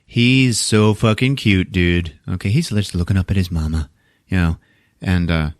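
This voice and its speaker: A man's voice: low-pitched, moderate pace, dry recording, clean studio sound. A man casually retelling a movie plot on a podcast, swearing freely and acting out the scenes. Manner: animated, profane storytelling. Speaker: podcast host.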